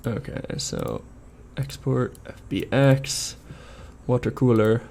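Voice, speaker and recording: A man's voice: medium pitch, slow, darkish tone, slight background noise. A man streaming his game development work, muttering casually to himself and thinking aloud as he models, chatting now and then. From Canada. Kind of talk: casual live-stream commentary while 3D modeling.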